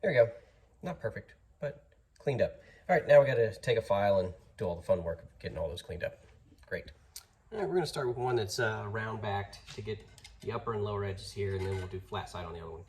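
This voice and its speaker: Low-voiced man in a noisy garage. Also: animated, quick pace, a little mellow. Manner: chatty and easygoing, jokes at his own mistakes. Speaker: DIY garage host. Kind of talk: casual workshop how-to narration. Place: home garage workshop. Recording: noisy workshop audio.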